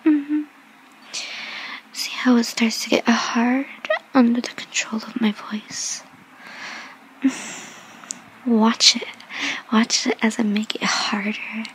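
A woman in a whispered role-play, teasing and giving slow, commanding instructions. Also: on the high side, poor audio.

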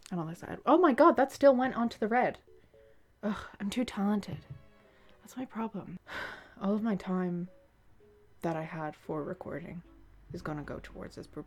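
A young woman recording at home, talking casually, swearing and mocking herself, often dropping into whispered asides. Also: mid-range voice. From Ireland. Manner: swears a lot, self-mocking, drops to a whisper. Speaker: voice performer. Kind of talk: casual self-recording vlog. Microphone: studio mic at home.

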